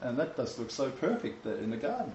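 Man, informal preacher, lively emphatic delivery, faint room ambience, lo-fi roomy recording. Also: mid-range voice, fast, a little hiss or hum. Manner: animated, emphatic scripture quoting with restarts. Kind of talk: informal home-group sermon.

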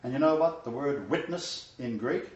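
A man's voice: medium pitch, moderate pace, a little mellow. A man teaching a Bible study, moving between earnest scripture reading and loose, emphatic commentary. He sits some way from the mic, so the room rings around him. The sound is muffled and dull. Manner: emphatic, conversational asides. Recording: roomy, distant, dull sound.

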